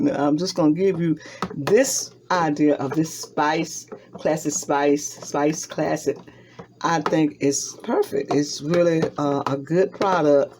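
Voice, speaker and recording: This low-pitched woman is a home cooking vlogger, chattily walking viewers through a recipe in her kitchen and repeating every step. The background is noisy with clattering dishes and utensils.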